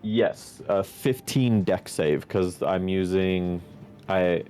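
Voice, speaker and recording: A man's voice: sits low, takes it slowly, dark tone, a little hiss or hum. A man playing a tabletop game, talking through rules in a matter-of-fact way. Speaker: player. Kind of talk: casual tabletop play.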